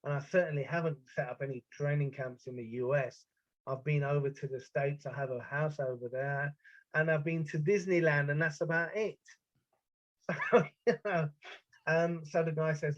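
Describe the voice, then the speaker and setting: A man's voice: fairly high pitch, fairly even intonation, moderate pace. A man from Britain, a podcast guest, telling a personal story in a vivid, intense way, with stutters and restarts. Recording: dull, dry, lo-fi sound.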